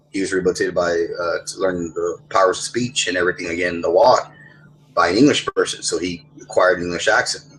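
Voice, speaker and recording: Young man, low voice, rambling, profane, headset mic, online voice chat. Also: low-quality recording. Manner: rambling, profane, many restarts. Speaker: gamer in voice chat. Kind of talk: casual chat.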